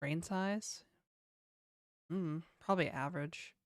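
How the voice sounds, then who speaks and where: A young Canadian woman with a lowish, smooth voice, chatting easily on a livestream. She reads out viewer questions and answers them in a relaxed, offhand way. The sound is close and dry, with no room around it. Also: slow pace, no room sound. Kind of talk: casual livestream chat.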